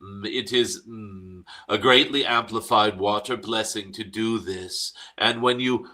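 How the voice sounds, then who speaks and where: A man channeling a gentle, wise cosmic dragon spirit in a slow guided meditation, humming "mm" between phrases. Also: fairly low pitch, fairly even intonation. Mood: serene.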